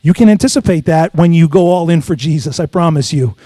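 A middle-aged pastor preaches in a high, light man's voice, pausing to draw amens from the congregation. The sound is close and dry, with no room echo. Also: lively intonation, dark tone. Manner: call-and-response preaching, asks congregation for amens. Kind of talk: sermon with personal stories.

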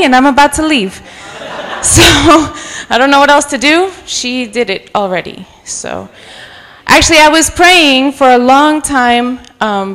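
A woman in her forties from New York City with a mixed North Jersey accent, a guest preacher warming up the church with chatty jokes, stories and bits of Spanish. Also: a little high. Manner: chatty and joking, mixing in Spanish phrases. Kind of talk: sermon with personal storytelling. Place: church sanctuary.

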